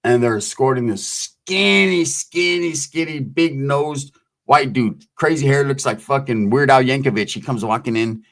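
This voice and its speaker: Man, casual storytelling, profane street slang, does other people's voices, medium pitch. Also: measured pace, a bit bright. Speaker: host telling prison stories.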